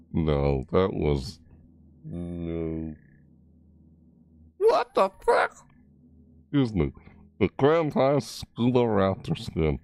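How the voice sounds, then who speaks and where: A man hosting a casual gaming video, rambling goofily, talking to himself and reading event text aloud haltingly. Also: deep voice, a little mellow. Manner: rambling and goofy, talks to himself and reads haltingly. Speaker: gaming channel host.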